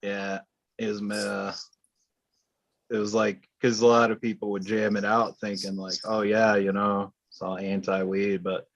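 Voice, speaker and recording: A man's voice: on the low side, little pitch movement, a little slow, vocal fry, fairly bright tone, no room sound. A man chatting casually, loose and rambling, with fillers and swearing. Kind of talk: casual group chat.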